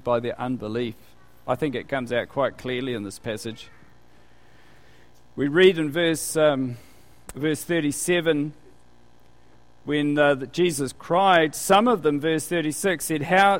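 A man preaching a conversational sermon, full of rhetorical questions. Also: medium pitch.

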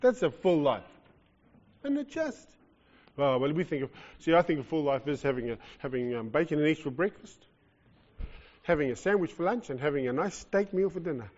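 A man with a New Zealand accent preaching a sermon, animated and jokey, swinging from loud bursts to soft asides. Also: fairly high pitch, fairly quick, in a large hall. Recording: lo-fi muffled recording.

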